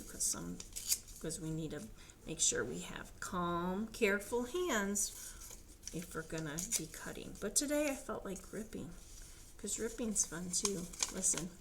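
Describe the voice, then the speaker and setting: A children's librarian reading a storybook aloud to small children in a sing-song way, making animal noises. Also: female voice, on the low side, background noise.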